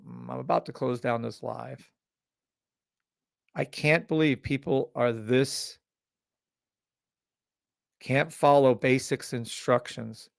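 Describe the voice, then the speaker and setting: A man hosting a live trading stream, pitching a scanner and ranting bluntly at viewers, swearing freely and sounding exasperated. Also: fairly even intonation, slow, gravelly, pauses often, dry recording, studio quality. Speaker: trading livestream host.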